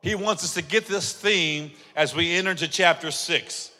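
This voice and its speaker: A man preaching a sermon as pastor, telling stories and acting out dialogue, building up to shouting. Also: a little high, normal speed. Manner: animated storytelling, acts out dialogue, builds to shouting. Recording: long hall reverb.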